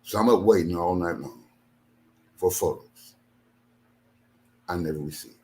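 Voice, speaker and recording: Angry deep-voiced older man venting. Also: a little slow, mellow. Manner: aggrieved, repetitive, emphatic. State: tired after a sleepless night. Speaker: ministry leader. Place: home studio.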